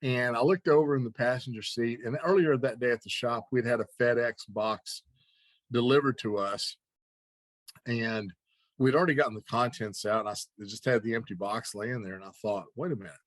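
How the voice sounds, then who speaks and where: Man telling a lively story, dry sound. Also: medium pitch, a little fast, no echo. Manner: animated anecdote telling with laughs and quoted dialogue. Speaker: interview guest. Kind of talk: casual storytelling.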